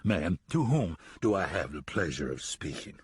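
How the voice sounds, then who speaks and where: A man doing a gruff, parched drifter. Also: low-pitched, wildly swooping pitch, moderate pace, no echo, clean studio sound, voice pushed down, exaggerated voice. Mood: wary. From Virginia. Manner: gruff, growling, cursing. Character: hot-tempered, parched, exhausted drifter man with a pistol.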